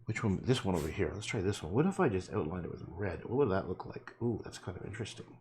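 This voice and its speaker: A man's voice: deep voice, animated, fast, darkish tone, slight background noise. A man painting on a livestream, talking casually in a rambling way, swearing and muttering to himself as he works.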